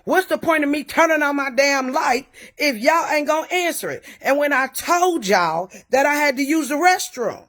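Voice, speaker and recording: A woman's voice: high voice, expressive, normal speed, hardly any pauses, fairly bright tone. A woman tells her viewers a personal story in loose, colloquial speech. She is emphatic and indignant, and she swears now and then as she presses each point. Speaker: vlogger telling a personal story.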